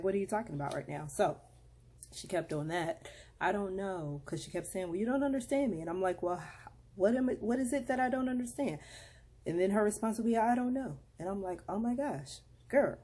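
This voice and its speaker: A woman in her thirties from Atlanta chats to her camera in a slightly low voice. She is loose and confiding, and she speaks to her viewers as if they were old girlfriends. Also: a little mellow. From Atlanta, Georgia. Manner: chatty, confiding, calls viewers "girl" and "y'all". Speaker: vlogger and mom. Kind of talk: casual chat to camera.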